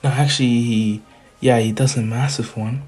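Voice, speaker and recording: A man's voice: medium pitch, fairly even intonation, darkish tone, soft background music. A man casually retelling a fan story, often laughing to himself and correcting himself. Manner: laughing often, restarts, slow drawl.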